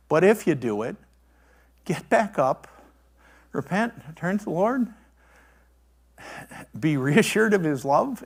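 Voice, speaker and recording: A man preaching a sermon in an animated way, with incredulous asides and stammering restarts. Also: a little high, vocal fry. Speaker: pastor.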